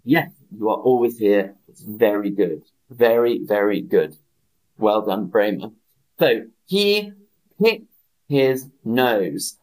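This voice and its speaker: A man teaching English on a live stream, speaking slowly and clearly, repeating phrases and greeting viewers by name. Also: lowish voice, expressive, a little mellow, poor audio. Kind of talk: slow, clear language lesson with repetition.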